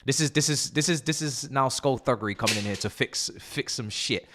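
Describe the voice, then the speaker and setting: A young man hosting a live football watch-along, excitable and swearing, shouting at the players. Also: mid-range voice, fairly quick, few pauses, slight background noise. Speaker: live stream host.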